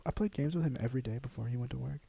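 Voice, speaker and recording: A man's voice: mid-range voice, very fast, creaky, mellow, dry recording. A young man co-hosting a podcast, chatting casually with teasing, swearing, pushy banter. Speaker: podcast co-host. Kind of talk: casual chat.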